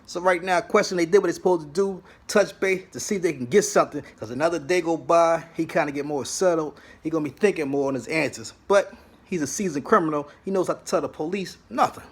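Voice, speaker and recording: A man's voice: a little high, quick pace, slightly rough. A man hosting a casual TV recap, retelling scenes dramatically and acting out the quotes. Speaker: host of a TV recap channel.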